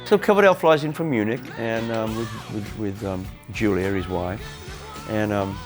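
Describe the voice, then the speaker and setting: A man being interviewed, telling his own story frankly and haltingly, with restarts. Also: lowish voice, over music. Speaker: interviewee, former band member. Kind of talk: candid reflective storytelling.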